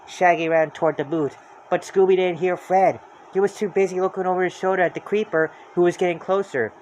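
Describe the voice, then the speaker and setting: A storybook reader narrating a children's book aloud in a lively, expressive way. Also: mid-range voice, a little fast, slight background noise.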